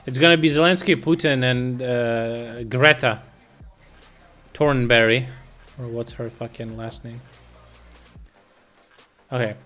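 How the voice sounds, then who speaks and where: A man's voice: medium pitch, takes it slowly, pauses often, faint music behind. A man streaming casual, profane commentary on war news, reading headlines and reacting bluntly. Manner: profane, blunt, bursts of loud laughter.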